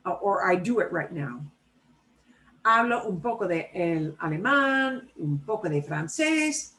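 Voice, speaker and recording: A woman's voice: lowish voice, a bit bright, poor audio. A woman teaching a language class over a video call, chatty and explanatory, checking in often with "right?" and "okay?". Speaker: Spanish teacher. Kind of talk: casual online class teaching.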